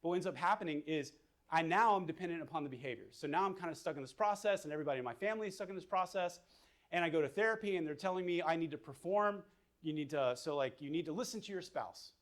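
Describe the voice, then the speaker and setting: Fairly high-voiced male counselor, relaxed lecture style, talks through ideas as he sketches. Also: quick pace. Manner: casual, thinking aloud with fillers. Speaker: mental health counselor. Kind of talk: whiteboard lecture.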